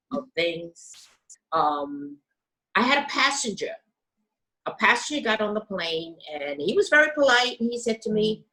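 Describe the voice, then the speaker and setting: Older woman recounting her life, measured. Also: medium pitch, animated, sharp tone, low-quality recording. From United States. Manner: measured, careful storytelling, acting out voices in quotes. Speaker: interview guest. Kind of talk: telling her life story.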